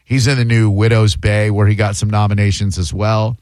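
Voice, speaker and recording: A man's voice: on the low side, level tone, fairly quick, a little mellow, no echo, studio quality. A man hosting a podcast, chatting casually and joking sarcastically. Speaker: podcast host. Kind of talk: casual chat.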